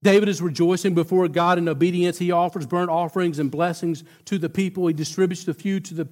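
A man's voice: sits high, steady tone, fast, a little mellow. A man preaching a sermon, telling a story with emphatic builds and frequent restarts.

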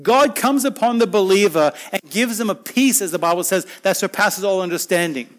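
High-voiced man preaching a sermon. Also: brisk. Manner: swings between loud emphatic lines and quiet soft asides; earnest, conversational preaching with restarts.

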